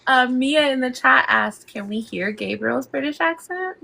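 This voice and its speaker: A woman hosting a relaxed interview chat over a laptop video call. Her voice sits a little high, and she tells stories in a bubbly, giggly rush. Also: a little slow, creaky, a crowd in the background. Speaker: host.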